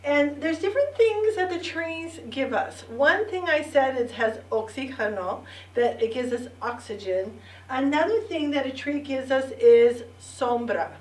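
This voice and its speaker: A middle-aged woman teaching a bilingual children's lesson, repeating words clearly and prompting the listeners to say them back. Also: high-pitched, lively intonation, darkish tone. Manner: slow, clear repetition with call-and-response prompts. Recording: echoey room, distant mic.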